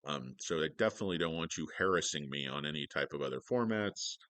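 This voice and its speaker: A man's voice: very deep voice, animated, fast, a bit bright, dry recording. A man hosting a casual stock livestream from his home office, rambling and joking sarcastically with many fillers.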